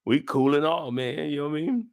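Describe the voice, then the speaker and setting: A man hosting a live after-show, telling a story in an animated, profane way with sound effects. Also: fairly high pitch, brisk, dry recording. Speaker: show host.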